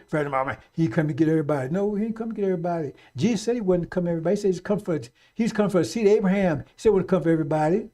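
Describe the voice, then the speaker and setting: A man's voice: racing, few pauses. Urgent, profane man preaching on live radio. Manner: urgent and repetitive, swings from loud exhortation to low muttering; blunt and profane, calls out to brothers and sisters.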